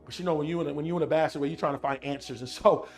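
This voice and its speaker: A man giving a motivational talk with a personal story, animated and repetitive, speaking straight to his audience. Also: on the high side, rapid-fire, faint music behind. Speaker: motivational speaker on emotional intelligence.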